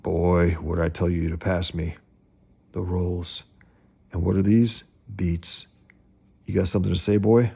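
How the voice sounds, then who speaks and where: A man's voice: low voice, steady tone, normal speed, warm tone, heavily acted. A man voicing a blustering, bullying middle-aged father who hectors his son. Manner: gruff, hectoring.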